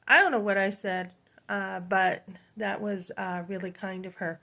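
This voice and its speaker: A woman's voice: mid-range voice, fairly even intonation, normal speed, creaky, pushed and bright. Chatty woman. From New Hampshire, USA. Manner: chatty, frequent "um" and "you know", rambling. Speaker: channel host. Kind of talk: casual storytelling monologue.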